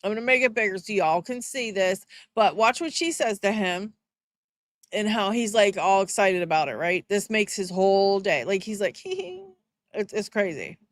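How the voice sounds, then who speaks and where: A woman's voice: medium pitch, moderate pace, no echo. A woman doing casual reaction commentary on a livestream, mocking and blunt, laughing and swearing as she goes.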